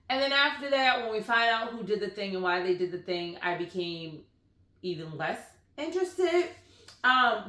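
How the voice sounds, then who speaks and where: Chatty woman reviewing books, roomy echo. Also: mid-range voice. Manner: chatty, animated, lots of "like" fillers. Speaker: book vlogger. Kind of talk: casual book review chat.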